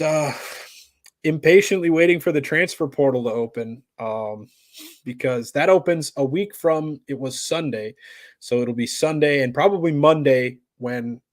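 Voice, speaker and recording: A man, talking casually on a podcast and rambling through his thoughts with plenty of ums and uhs. His voice sits at a middle pitch and sounds dry and close, with no room around it. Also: dry recording. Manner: laid-back, rambling with many fillers. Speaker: podcast co-host. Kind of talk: casual sports chat.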